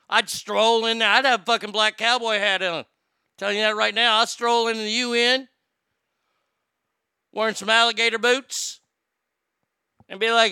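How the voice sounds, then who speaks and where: Gravelly, bright-voiced man ranting. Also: sits high, steady tone, normal speed, pauses often, dry recording, clean studio sound. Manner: loud, crude, mocking, swaggering. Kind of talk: profane political rant.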